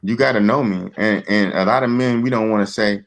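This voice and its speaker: A man's voice: on the low side, brisk, few pauses. A middle-aged man, a guest in a casual chat, giving earnest advice and acting out bits of dialogue. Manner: earnest, preachy, acts out dialogue.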